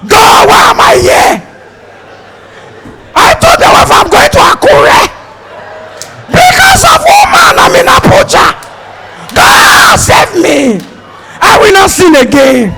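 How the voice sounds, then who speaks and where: A man voicing a terrified passenger yelling frantic prayers on a falling plane. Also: sing-song, slow pace, gravelly, pauses often, a loud crowd, very noisy, heavily acted. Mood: panicked. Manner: frantic high-pitched shouting.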